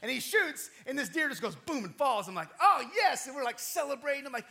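A man preaching a sermon, telling a personal story in an animated, conversational way and often checking in with his listeners. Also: extremely high pitch, fast. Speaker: pastor.

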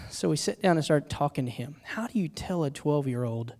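A middle-aged man preaching a sermon, telling personal stories and moving between hushed, confessional moments and loud, urgent ones. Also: medium pitch, fairly quick, hardly any pauses.

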